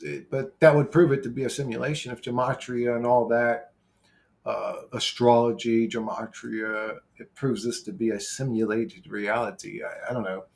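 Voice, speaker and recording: A man's voice: mid-range voice, darkish tone. A brash, profane man with an ordinary mid-range voice rambles loosely through viewer comments. He talks off the cuff, drifting between thoughts and swearing freely. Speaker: YouTuber replying to comments. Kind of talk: casual vlog comment replies.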